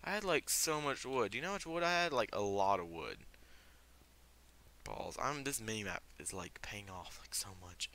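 A man's voice: lowish voice, lively intonation, moderate pace, pushed and bright. A young man giving casual, filler-heavy gameplay commentary, given to startled outbursts. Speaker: let's play gamer.

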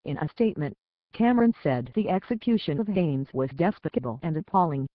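A man reading a scripted news story in a steady read-aloud manner. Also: on the high side, brisk, no echo. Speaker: news reader. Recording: tinny phone-like dry sound.

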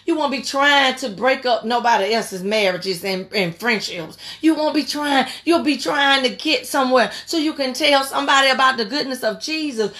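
Fervent woman preaching, higher voice. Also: fairly bright tone. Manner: repetitive, exhorting, fervent. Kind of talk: impassioned sermon on a prayer line.

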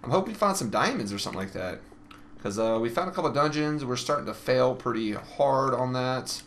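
A man's voice: mid-range voice, lively intonation, fairly quick, fairly bright tone, slight background noise. A man giving casual let's-play commentary, frustrated and swearing, talking straight to his viewers. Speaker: gaming channel host.

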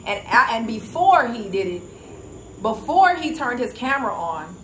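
A woman's voice: a little high, very animated, normal speed, fairly bright tone, a little hiss or hum. A woman vlogger in casual commentary, retelling a story emphatically and indignantly. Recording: echoey room with faint ambience.

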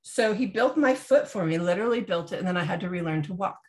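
Woman, thirties, casual health chat, animated, acts out quotes. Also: fairly low pitch, quick pace. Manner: animated storyteller acting out quotes. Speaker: podcast co-host.

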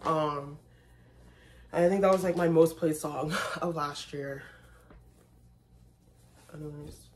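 Young woman vlogger, slightly low voice, chatty, talks straight to her viewers. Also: takes it slowly, long pauses. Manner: chatty, addresses viewers as y'all, excited bursts. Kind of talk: casual vlog chat.

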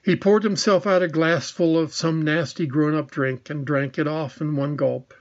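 A man's voice: a little high, fairly even intonation, normal speed, highs cut off. A man narrating a children's storybook, reading with small slips and restarts. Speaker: audiobook narrator.

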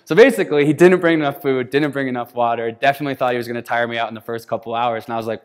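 Racing along with few pauses, this American keynote speaker in his thirties keeps a steady, smooth mid-range tone, echoed by hall reverb. His talk is storytelling, and he acts out quoted lines with animation.

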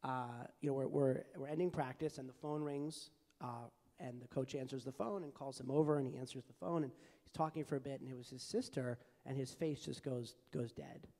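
A man's voice: mid-range voice, a little fast, dark tone. A young man from California speaking as a panelist at a public forum, earnest and anecdotal, with many fillers and restarts. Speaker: panelist, advocacy group founder. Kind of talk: panel discussion. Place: large hall at a public forum. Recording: long hall reverb.

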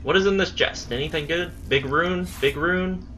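A man's voice: on the high side, moderate pace, sharp tone. A young man giving casual commentary on his own gameplay, frustrated, swearing and muttering at the enemy.

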